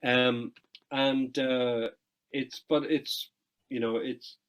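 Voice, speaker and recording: A middle-aged Irish man, a guest musician in an interview, telling lively anecdotes with quick asides and casual swearing. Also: medium pitch, smooth, rough recording.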